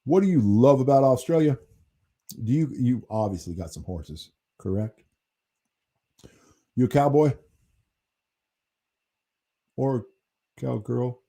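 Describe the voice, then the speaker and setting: An American man talks to his viewers in a loose, rambling livestream chat, with casual swearing. His voice is very dark and mellow with a husky edge. He takes his time, speaking at an unhurried, slow pace. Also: medium pitch, lively intonation. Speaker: channel host reading chat.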